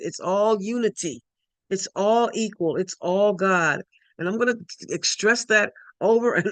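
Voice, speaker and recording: A woman's voice: mid-range voice, no room sound. A woman giving a spiritual talk, emphatic and repetitive, often restarting her sentences. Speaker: spiritual speaker.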